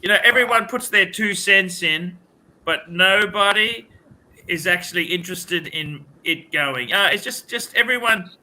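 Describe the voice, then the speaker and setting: Profane, rambling man with a bright voice. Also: high-pitched, a little slow. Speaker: livestream host. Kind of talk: casual livestream chat.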